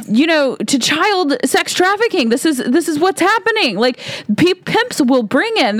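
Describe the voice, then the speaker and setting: A woman's voice: a little high, dry recording. A woman hosting her opinion podcast, talking in a heated, fired-up rant. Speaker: podcast host.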